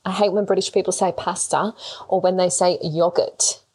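A woman's voice: on the low side, little pitch movement, quick pace, mellow, husky. A woman from Australia with an Australian accent, co-hosting a podcast in casual chat, going off on chatty tangents. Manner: chatty, tangent-prone, laughs easily. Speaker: podcast co-host.

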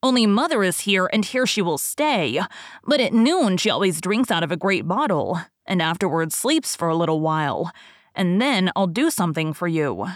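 A woman voicing a wild, fierce little robber girl in a storybook, with a blunt, commanding delivery in her own low-pitched voice. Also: animated, normal speed, no echo, studio quality, lightly acted. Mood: bossy.

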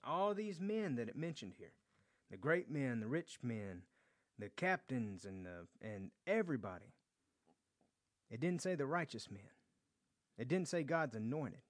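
Very animated but measured in pace, this mid-range male voice pauses often as he leads a Bible study verse by verse. He reads each passage out loud and explains it conversationally, acting out quotes while repeating words and restarting phrases.

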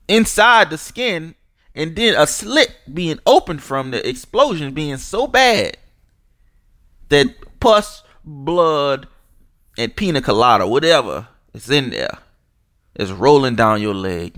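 A young man vents on his podcast in a slow, seething rant. His pitch swings widely between low grumbles and sharp outbursts, and the dry, close sound puts every curse right in your ear. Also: sing-song, dry recording. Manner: furious, disgusted, swearing, mocking. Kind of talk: angry profane rant.

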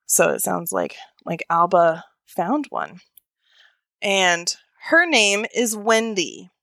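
A woman's voice: medium pitch, creaky, sharp tone, dry recording. A woman co-hosting a podcast, chatting casually and joking while she reads out a listener's story. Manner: chatty, joking, quick asides. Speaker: podcast co-host.

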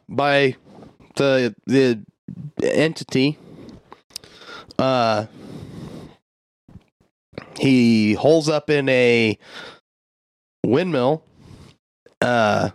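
A man at a podcast mic, recapping a film in a loose, swearing, laughing way with plenty of fillers. His voice sits in an ordinary middle pitch, and the sound is close and dry with no room echo. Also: clear, resonant tone. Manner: loose, profane storytelling that jumps into quoted voices. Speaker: podcast co-host. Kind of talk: casual movie recap chat.

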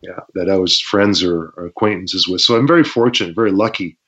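A Canadian man, a former pro wrestler, telling stories in a casual interview, acting out shouts and sound effects and laughing often. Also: low voice, fairly quick. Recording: dull lo-fi audio.

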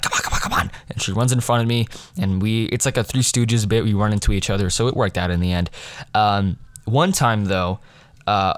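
A man's voice: lowish voice, no echo. A teenage boy telling a long casual story about his school play, rambling with many fillers, restarts and laughs. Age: teens. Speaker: high school student vlogger.

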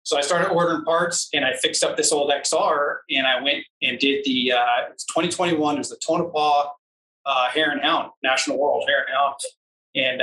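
A man's voice: fairly high pitch, sharp tone, recorded from a distance. Rambling man in a roomy space. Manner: rambling, searches for words, acts out quoted dialogue. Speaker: off-road racer. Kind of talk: casual storytelling.

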